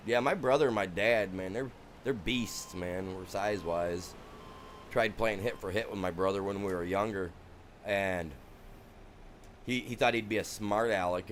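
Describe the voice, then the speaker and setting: Rambling low-voiced man telling stories. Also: slight background noise. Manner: rambling anecdotes with many restarts and "you know". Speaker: gaming streamer. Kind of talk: casual storytelling while streaming.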